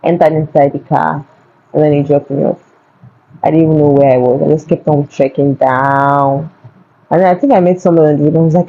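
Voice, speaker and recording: A woman's voice: sits low, a little fast, phone-quality sound. Woman telling a dramatic story. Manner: animated retelling, repeats words for emphasis. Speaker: vlogger. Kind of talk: casual storytime. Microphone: phone.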